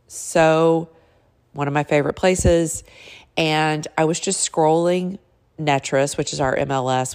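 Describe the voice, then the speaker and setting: A woman's voice: low-pitched, a little mellow, in a large hall. A middle-aged woman who works in real estate, telling a personal story in a chatty, earnest way and turning tearful as she speaks. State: teary, voice breaking.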